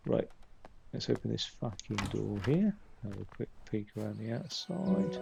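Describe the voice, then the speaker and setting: A man's voice: fairly low pitch, very animated, unhurried, vocal fry, muffled recording, over music. A man streaming a game, chatting casually, swearing freely and reading game text aloud under his breath. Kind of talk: casual gameplay commentary.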